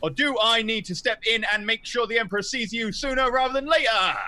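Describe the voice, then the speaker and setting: A man's voice: very high voice, fairly quick, bright, forceful tone, heavily acted. A man voicing a stern commanding officer who gives troops a grim, menacing pep talk in a tabletop game. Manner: barking, menacing, intimidating.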